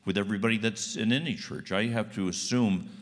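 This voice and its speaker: A man's voice: lowish voice, a little fast, in a large hall. A man giving a guest sermon in a church, folksy and conversational. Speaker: guest speaker. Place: church sanctuary.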